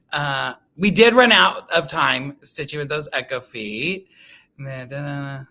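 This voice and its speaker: Bright-voiced chatty male quilting host. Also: on the high side, takes it slowly, vocal fry. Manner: chatty, animated storytelling, laughs often, reads live comments. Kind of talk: casual livestream chat.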